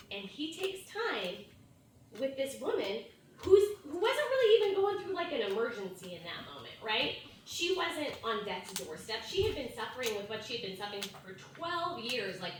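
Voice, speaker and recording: A woman's voice: fairly high pitch, sing-song, normal speed, a bit bright, a little hiss or hum. A mother in her thirties telling a personal story in a conversational sermon, full of "like" and "right?". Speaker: youth ministry speaker. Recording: echoey hall from far off, faint ambience.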